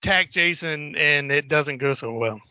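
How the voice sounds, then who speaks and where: A man's voice: fairly high pitch, moderate pace, sharp tone, dry recording, highs cut off. A man co-hosting a podcast, loosely retelling film scenes in casual chat and swearing freely. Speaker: podcast co-host.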